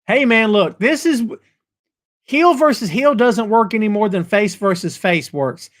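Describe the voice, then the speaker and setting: A man's voice: high voice, moderate pace. A middle-aged man hosting a live wrestling talk show, folksy and jokey as he banters with viewers. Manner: animated, folksy, jokey banter with chat readers. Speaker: podcast host.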